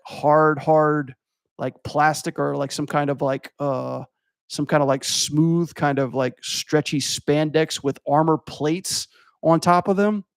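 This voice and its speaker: A man's voice: medium pitch, vocal fry, dry recording, clean studio sound. A young adult man from Louisiana, rambling and swearing as he critiques animation for his stream chat. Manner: rambling, profane, filler-heavy.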